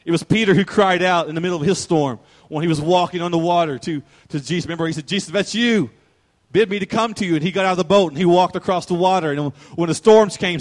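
A man preaching a sermon as pastor, emotional and rising to fervent preaching. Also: a little high.

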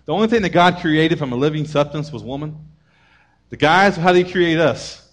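A man preaching a sermon to mothers, energetic and conversational, acting out short scenes of family members as he goes. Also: on the high side, moderate pace. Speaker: pastor.

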